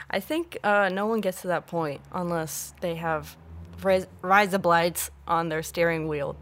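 Woman, podcast co-host, casual chat, giggly, playful, quick short reactions. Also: on the low side.

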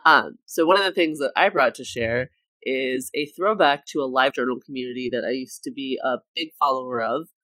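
A woman's voice: very deep voice, a little fast, fairly bright tone, no room sound. A woman co-hosting a casual comedy podcast who reads silly excerpts aloud and keeps trying not to laugh. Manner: giggly, tries not to laugh while reading. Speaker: podcast co-host.

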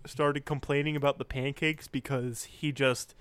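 A man's voice: medium pitch, level tone, normal speed, a bit bright, clear, resonant tone, dry recording. A man co-hosting a casual wrestling recap, telling it with wry amusement and plenty of swearing. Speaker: wrestling podcast co-host.

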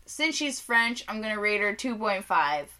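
A young woman with a bright, forward voice co-hosts a relaxed podcast. She giggles often, swears freely and keeps the chat animated. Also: mid-range voice, moderate pace. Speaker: podcast co-host. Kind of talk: casual chat, beer tasting.

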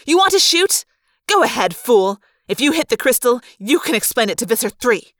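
A woman's voice: a little high, normal speed, no room sound, studio quality, lightly acted. A woman reading aloud, voicing a tense middle-aged woman who commands troops in a clipped, snapping manner. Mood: yelling. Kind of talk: fan audiobook reading.

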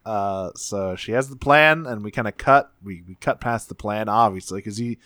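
A man's voice: lowish voice, normal speed, bright, forceful tone, no room sound, studio quality. A man co-hosting a podcast who talks casually and rambles, swears often, and acts out quotes while recapping a cartoon episode. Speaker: podcast co-host.

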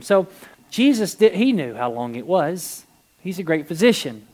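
In a church service, a pastor delivers an animated sermon with a medium-pitched voice at a moderate pace. He swings between quiet emphasis and near-shouting, repeating words to drive his point home.

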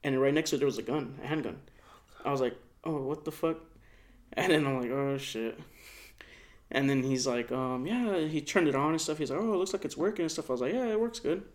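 A man's voice: mid-range voice, a little fast. A young man in casual chat, telling a rambling story full of swearing and lots of "like".

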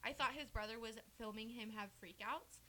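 Giggly high-voiced young woman co-host. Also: brisk, background noise. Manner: giggly, loud, swears freely. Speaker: podcast co-host. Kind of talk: casual chat.

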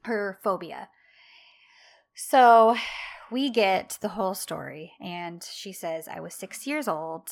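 A woman's voice: medium pitch, slow pace, vocal fry. A woman co-hosting a podcast, chatting casually and animatedly as she retells TV scenes and acts out the characters' lines. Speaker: podcast co-host. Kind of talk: casual chat recapping a TV show.

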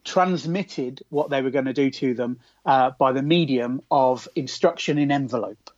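A man's voice: mid-range voice, normal speed, darkish tone, no room sound. Wry man, slightly dull dry sound. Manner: wry, teasing, hesitant restarts. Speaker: podcast co-host. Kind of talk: casual podcast chat.

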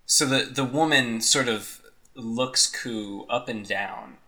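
A man's voice: mid-range voice, slow, sharp tone. A man narrating a tabletop game as game master, rambling and hedging with lots of "sort of".

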